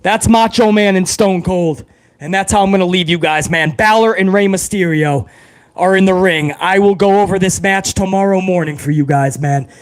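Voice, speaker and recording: A man hosting a live wrestling reaction stream, excitable and over-caffeinated, swearing freely as he chats with his viewers. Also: high voice, moderate pace.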